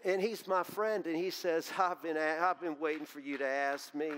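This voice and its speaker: A man preaching a sermon in a church, telling homey stories and repeating words as he warms up. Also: a little high, fairly even intonation, normal speed, long reverb tail, slight background noise. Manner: folksy storytelling preacher, repeats words when stirred. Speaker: pastor. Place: church sanctuary.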